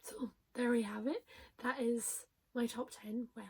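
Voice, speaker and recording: A young-sounding woman chats through her book favourites, her voice light, higher than most and very airy. She gushes and stumbles over her words, and often lets the emotional parts drop to a hushed whisper. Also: fairly even intonation, unhurried, slightly rough. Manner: gushing, emotional, often trailing into soft whispers. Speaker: book reviewer. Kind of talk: casual vlog review.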